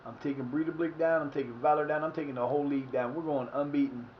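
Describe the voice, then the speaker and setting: A man's voice: on the high side, steady tone, fast talker, muffled recording, slight background noise. A man streaming a soccer management game, cursing and exasperated as he talks to himself. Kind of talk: live game commentary.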